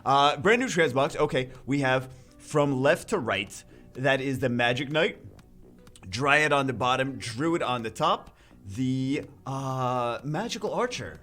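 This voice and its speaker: A man hosting a gaming video, talking through a game patch in an excitable, rambling way with many restarts. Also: mid-range voice, slow, soft background music.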